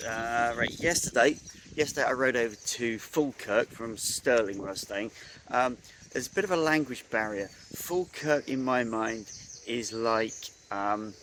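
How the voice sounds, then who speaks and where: Speaking in a medium-pitched, fairly bright voice, an Englishman travelling by motorcycle rambles on a phone video call, full of ums and uhs. He's sitting outdoors beneath a tree at a campsite, with faint countryside sounds and insects audible.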